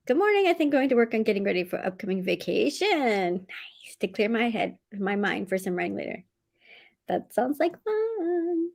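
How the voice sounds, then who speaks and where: A woman hosting a casual livestream, reading out viewer comments from home, laughing often and going high-pitched when excited. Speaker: livestream host of writing sprints.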